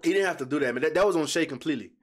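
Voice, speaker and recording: A man with a somewhat high-pitched voice hosts a casual reaction video. He is excitable and slangy, breaking into swears and calling out to his viewers as he comments on the game. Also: very fast, a little hiss or hum. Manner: excitable, blurts and swears freely; slangy, talks straight to viewers.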